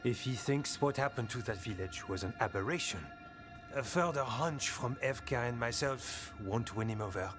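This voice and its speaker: An actor voicing a thoughtful, wry man warden in a video game, measured in his speech. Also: mid-range voice, animated, natural voice. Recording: game audio with music.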